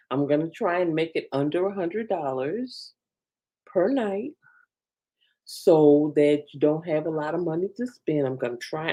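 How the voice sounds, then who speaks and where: A woman hosting a casual live stream, chatting with her viewers in a lively, talkative way and laughing often. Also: deep voice. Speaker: livestream host.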